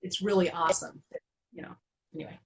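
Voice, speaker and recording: A middle-aged woman telling stories as an interview guest, animated and laughing often, with many restarts. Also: fairly low pitch, fast, breathy edge, rough recording. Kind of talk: casual storytelling in an interview.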